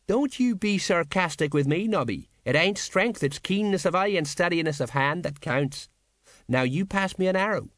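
A man's voice: high voice, lively intonation, normal speed, a bit bright, no room sound, pitched above the performer's own voice. A man doing a wheezing, blustering old sergeant. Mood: boastful. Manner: wheezing, grunting with effort. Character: blustering boastful older male sergeant.

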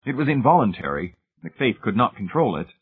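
Husky low-voiced male audiobook narrator. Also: very animated, a little fast. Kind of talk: scripted narration. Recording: tinny phone-like sound.

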